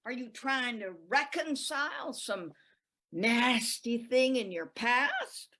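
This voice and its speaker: A woman's voice: fairly high pitch, very animated, slow, sharp tone, full character voice. A woman playing an older nun in a live improv scene, prying at first, then gleefully conspiratorial. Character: nosy, prim older female nun who secretly loves sin. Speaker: improv performer.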